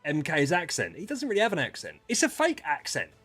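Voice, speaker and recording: A man streaming casual chat with viewers, ranting and swearing, dropping to mutters and then rising to loud outbursts. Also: fairly high pitch, huge pitch swings, a little fast, slightly rough, soft background music.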